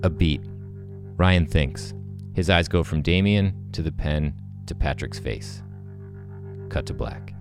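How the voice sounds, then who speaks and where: A man hosting, reading screenplay-style scene directions in a brisk, matter-of-fact way. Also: very deep voice, music in the background. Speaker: host.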